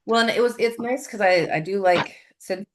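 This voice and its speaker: A woman's voice: mid-range voice, moderate pace. A young woman co-hosting a casual podcast chat, swearing freely and laughing often while snacking. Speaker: podcast co-host.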